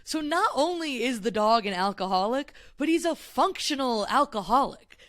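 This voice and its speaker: A woman's voice: fairly high pitch, lively intonation, moderate pace, dry recording, studio quality. A woman co-hosting a comedy podcast, chatty and giggly as she relays a news story. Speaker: podcast co-host. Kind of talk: casual comedic chat.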